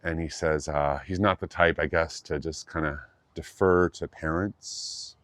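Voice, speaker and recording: A man retells a fairy tale in a loose, jokey, rambling way, full of fillers and asides. His voice is extremely low. The recording is dry and close, with no room sound. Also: fairly even intonation, measured pace, a bit bright, no room sound. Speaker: qigong teacher. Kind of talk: loose casual storytelling.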